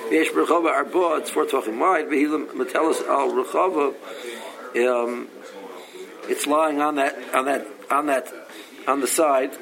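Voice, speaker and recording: A man leads a casual Talmud class. His voice has a gravelly edge, and he reads each line before explaining it plainly, often stopping to restart a phrase. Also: medium pitch, fairly even intonation, a little slow, crowd noise, poor audio. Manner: reads Aramaic text then explains in English, with frequent restarts. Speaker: Talmud teacher.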